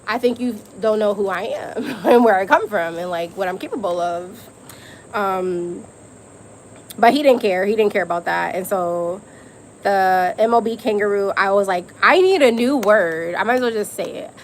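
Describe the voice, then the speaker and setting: A woman's voice: medium pitch, a little slow, slight background noise, poor audio. A young adult woman hosting a live stream, telling stories in a candid, emphatic way with slang and profanity. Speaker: host. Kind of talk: casual live-stream chat.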